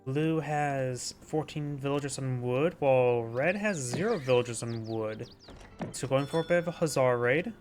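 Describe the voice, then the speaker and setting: A man calls a strategy game match in a casual, chatty play-by-play style, voice sitting in an ordinary middle register. Game music plays clearly under his commentary. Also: mid-range voice, moderate pace, a little mellow. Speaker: game caster.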